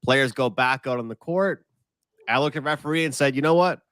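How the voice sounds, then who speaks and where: A man appearing as a sports betting guest who talks in a chatty way and tells stories with quick asides. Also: medium pitch, a bit bright, no echo. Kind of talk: casual sports betting chat.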